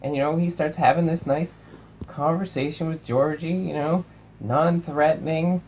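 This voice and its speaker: A young man casually reviewing films, animated, swearing and acting out lines from movies. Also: on the high side, normal speed, slight background noise, poor audio. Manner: animated, swears, acts out quotes. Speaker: film reviewer.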